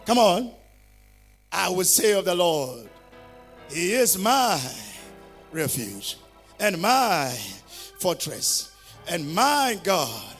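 Male pastor, high voice, fervent sermon with call-and-repeat declarations, faint music behind. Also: sing-song, drawn-out words, pauses often, fairly bright tone. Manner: fervent, calls for congregation to repeat after him.

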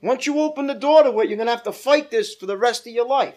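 A man's voice: very high voice, fast talker, darkish tone. A male pastor leading a Bible study, teaching emphatically, repeating points and asking the group questions.

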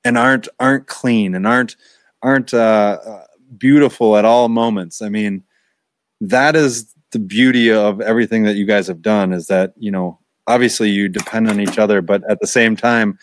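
A man's voice: lowish voice, fairly even intonation, moderate pace, no echo, studio quality. A man hosting a casual conversation, reflective and encouraging as he responds to his guests.

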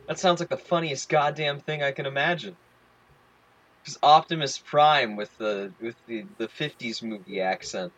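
A man co-hosting a casual podcast, his voice bright and forceful. He talks in animated bursts, swears freely and throws in theatrical exclamations. His pitch sits in an ordinary middle range. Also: normal speed, lo-fi sound. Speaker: podcast co-host. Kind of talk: casual chat.

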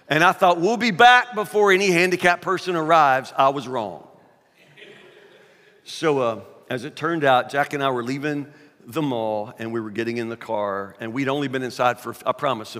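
Starszy kaznodzieja z południa USA, jasny głos. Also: male voice, medium pitch, moderate pace, bright, forceful tone. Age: older. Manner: chatty, self-deprecating storytelling with asides. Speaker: preacher. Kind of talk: sermon with humorous personal story. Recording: echoey hall.

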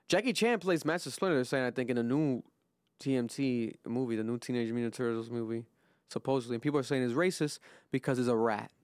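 Man, casual podcast host, profane rambling talk, middle pitch, dry close sound. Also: fast, darkish tone, clean tone, no echo. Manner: loose and profane, drifting in pitch, trailing off with fillers.

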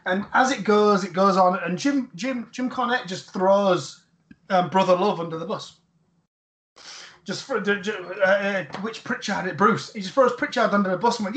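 A man telling a story in casual chat, animated and enthusiastic, swearing freely. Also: high-pitched, normal speed, echoey room.

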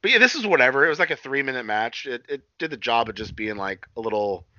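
Animated young man, bright lo-fi voice. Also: mid-range voice, quick pace, no room sound. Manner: animated, swearing, acts out quotes. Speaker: podcast co-host. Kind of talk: casual wrestling chat. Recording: dull, lo-fi dry sound.

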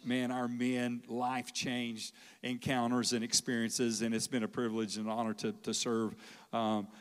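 A man, a pastor, introducing a guest speaker to his church with halting, filler-laden speech. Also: mid-range voice. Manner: halting, with many fillers and restarts. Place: large church hall. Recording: reverberant church hall.

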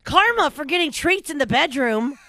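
A woman hosting a podcast, telling stories in casual chat with a lot of swearing, big swings in pitch and frequent laughter. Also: lively intonation, normal speed, pushed and bright, no room sound, clean studio sound. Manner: storytelling, reads news aloud with commentary. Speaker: podcast host.

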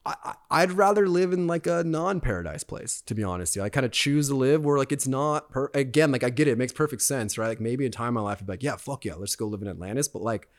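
A man's voice: medium pitch, expressive, fast talker, hardly any pauses. Man, laid-back surfer, slangy, casual swearing, podcast guest.

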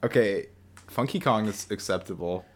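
A man co-hosting a podcast in animated, joking casual chat. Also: fairly low pitch, slight background noise. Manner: animated, joking, quick to laugh. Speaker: podcast co-host.

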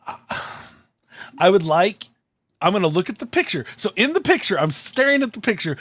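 A man's voice: a little high, expressive, a little fast, fairly bright tone, no echo. A man hosting a podcast, telling a story in casual chat and acting out his own outbursts. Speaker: podcast host.

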